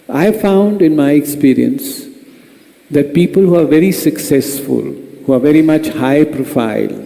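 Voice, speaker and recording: Slow gravelly older man preaching. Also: mid-range voice, mellow. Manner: slow, earnest, admonishing. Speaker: spiritual elder speaking to youth. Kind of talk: spiritual talk with anecdotes. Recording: long hall reverb.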